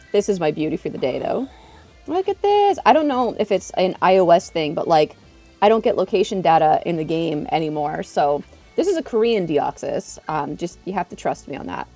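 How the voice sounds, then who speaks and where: A woman live streaming in casual chat, chatty and excitable, eating while she talks. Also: lowish voice, moderate pace, faint music behind.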